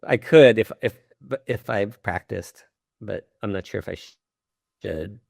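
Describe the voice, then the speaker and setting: A man being interviewed over a video call, answering in a halting, searching way with many restarts. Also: fairly low pitch, gravelly, darkish tone, no echo, studio quality. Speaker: interview guest, filmmaker. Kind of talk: casual conversational interview. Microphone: video call microphone.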